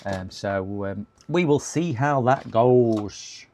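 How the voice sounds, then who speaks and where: Male livestream host, casual rambling chat, voice going hoarse. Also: medium pitch, lively intonation, takes it slowly, background noise. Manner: chatty, rambling, laughs at his own jokes. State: voice going hoarse, clearing throat. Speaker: livestream host repairing computers. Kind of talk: casual live-stream chat.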